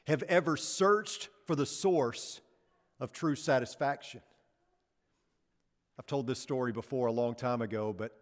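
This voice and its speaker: A man preaching a sermon who tells stories, asks rhetorical questions, and slows down on key words. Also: medium pitch. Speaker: pastor. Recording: long hall reverb.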